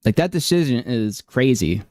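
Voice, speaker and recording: A man's voice: medium pitch, expressive, normal speed, mellow, no echo, clean studio sound. A man giving casual reaction commentary on a stream, incredulous and laughing, with many fillers and restarts.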